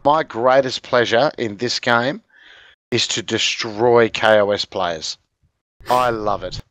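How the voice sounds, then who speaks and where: A man's voice: mid-range voice, slow, fairly bright tone, dry recording. A man with an Australian accent, chatting casually on a podcast, a rambling storyteller who laughs often. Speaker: podcast guest, game video maker. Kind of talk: casual chat.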